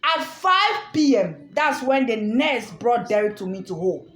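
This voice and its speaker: A woman's voice: a little high, sing-song, a little slow, a bit bright. A woman telling a personal story in a casual, repetitive and emphatic way. She often stops to ask the listener "understand?". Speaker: storyteller recounting her own experience. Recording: echoey room with faint music.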